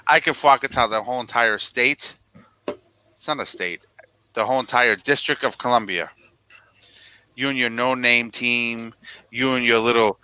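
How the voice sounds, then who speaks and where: A man's voice: medium pitch, moderate pace, sharp tone, smooth, no room sound, low-quality recording. A man co-hosting a casual sports podcast, ranting in mock anger about football teams. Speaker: podcast co-host.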